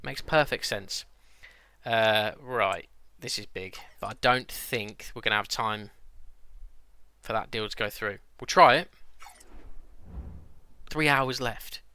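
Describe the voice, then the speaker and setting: A man's voice: lowish voice, slow, pauses often, bright, forceful tone, smooth, no room sound. A young man chatting to his viewers as he streams a football management game, thinking aloud, ranting and reacting as he goes. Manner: chatty, talks to viewers, rants and exclaims. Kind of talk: casual gameplay commentary.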